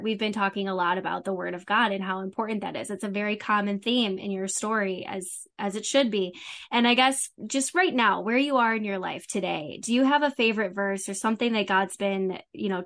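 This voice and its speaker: A young woman hosting a faith podcast, asking questions and affirming her guest with short, slightly halting replies. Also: medium pitch. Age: young adult. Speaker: podcast host. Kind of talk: interview conversation.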